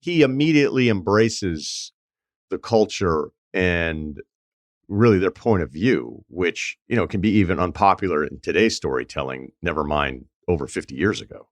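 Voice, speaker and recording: Male podcast host, low voice that moves around a lot, dry close mic. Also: animated, moderate pace, no echo. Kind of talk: casual conversation.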